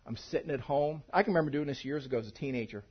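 A man preaching a sermon to his congregation in church, talking in a conversational, animated way and mixing humor with teaching. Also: mid-range voice, very fast, husky, dull audio. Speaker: pastor. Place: church sanctuary.

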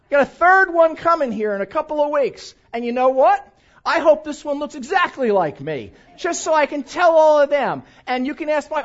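Older male pastor, animated, self-mocking storyteller, high lively delivery, muffled lo-fi recording. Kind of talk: sermon. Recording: dull lo-fi recording.

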